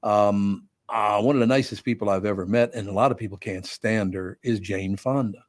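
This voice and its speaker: A man's voice: lowish voice, fairly even intonation, moderate pace, dry recording. An older man hosting a radio talk show, chatting casually and candidly, often correcting himself. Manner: rambling, candid, self-correcting.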